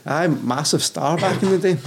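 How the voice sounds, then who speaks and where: A man's voice: on the high side, moderate pace, vocal fry, a little hiss or hum. A Scottish man in his thirties, a personal trainer talking candidly as a podcast guest, swearing freely and calling the host "mate" constantly. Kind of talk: casual podcast chat.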